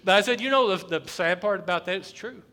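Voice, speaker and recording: A male pastor preaching a sermon, repeating his phrases and rising to loud, emphatic bursts. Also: sits high, quick pace. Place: church sanctuary.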